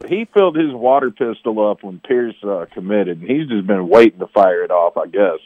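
A man co-hosting a sports talk show, animated and laughing, who breaks into loud impressions. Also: fairly low pitch, normal speed, no echo, narrow, tinny audio. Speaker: sports podcast co-host. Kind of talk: casual chat.

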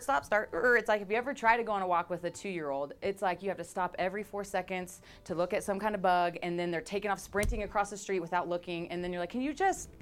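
A woman pastor preaching a conversational sermon to her congregation, animated and playful, acting out scenes with sound effects. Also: fairly low pitch. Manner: conversational, direct address to congregation.

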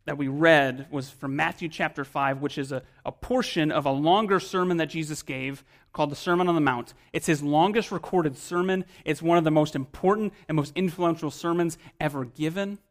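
A pastor delivering a sermon to his congregation, his voice sitting a little higher than most men's. He talks in a relaxed, everyday way, full of casual turns of phrase, then leans into key points with force before dropping back down to near-hushed remarks. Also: moderate pace. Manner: conversational preaching with emphatic swells and quiet drops.

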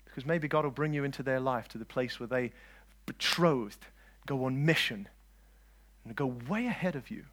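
A man preaching a lively sermon, swinging between loud declarations and quiet asides and joking with his listeners. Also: medium pitch, normal speed. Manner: jokes with the audience.

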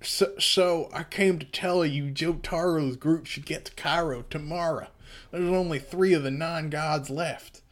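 A man's voice: a little high, fairly even intonation, measured pace, voice pushed up, natural voice. A man voicing a nervous, cocky cowboy gunman with a drawling twang while reading a comic aloud. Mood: grumbling.

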